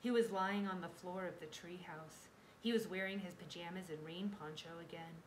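A woman's voice: lowish voice, moderate pace. Woman reading a children's book aloud. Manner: expressive, dramatic storytelling. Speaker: reader. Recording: roomy echo, faint background noise.

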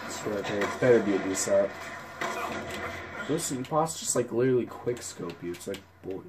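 A woman gamer casually commenting on her play, frustrated and prone to yelling and swearing at the game. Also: extremely low pitch, expressive, moderate pace.

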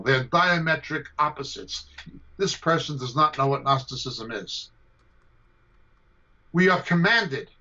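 A combative man lecturing on scripture, his voice high and sharp as he drives each point home and repeats it for weight. It comes through a dull, lo-fi video call line. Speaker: Bible teacher. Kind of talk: emphatic teaching answer to a question.

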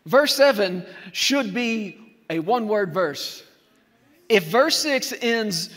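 A man preaching an animated sermon to a church, acting out scenes from the story as he goes. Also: high voice. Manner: animated preaching, acts out scenes with shouted quotes. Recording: long hall reverb.

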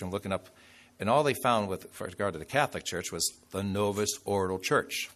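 A man's voice: sits low, fairly quick, a bit bright. A man preaching a sermon as a bishop, telling a story in a loose, conversational way with fillers and asides.

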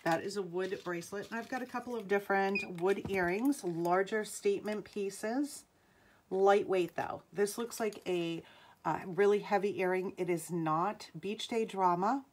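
A woman's voice: mid-range voice, unhurried, a little hiss or hum. A middle-aged woman with a New England accent hosting a live jewelry sale, chatting with viewers and calling out item numbers.

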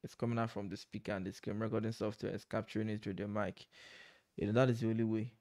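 A man's voice: lowish voice, flat delivery, quick pace, warm tone. A man chatting casually to camera from home at night, rambling and breaking off to laugh at himself. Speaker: vlogger. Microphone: desk microphone.

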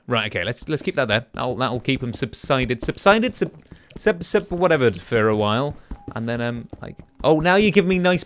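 A young man, chatting casually to himself as he plays a game, rambling and breaking into sudden excited exclamations. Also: on the high side. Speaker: let's play gamer. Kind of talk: casual gameplay commentary.

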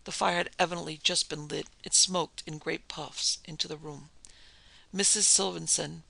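A narrator reading a classic ghost story aloud in a steady, measured storytelling manner. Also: mid-range voice, gravelly. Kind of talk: scripted audiobook narration.

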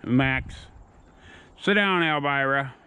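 A man's voice: medium pitch, slow pace, pushed and bright, clear, resonant tone. A plainspoken, folksy man chatting casually outdoors while working with his dogs. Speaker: dog owner and trainer. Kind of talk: casual vlog chat.

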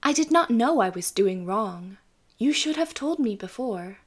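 A woman's voice: on the high side, lively intonation, a little slow, breathy edge. A woman reading as a naive farm wife. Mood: defensive. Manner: innocent, chattering.

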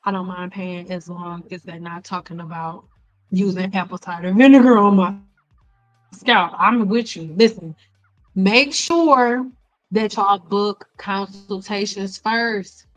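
A middle-aged woman cosmetologist hosting a casual live stream, blunt and animated, talking straight to her viewers with slang and exasperated repetition. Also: mid-range voice, slow, faint music behind, low-quality recording. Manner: frequent laughs and exasperated repetition. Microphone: desk mic.

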